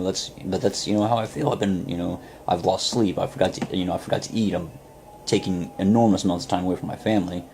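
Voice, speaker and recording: A man's voice: low voice, dark tone, slight background noise. A man giving an earnest motivational talk, telling a story with many fillers. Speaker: network marketer.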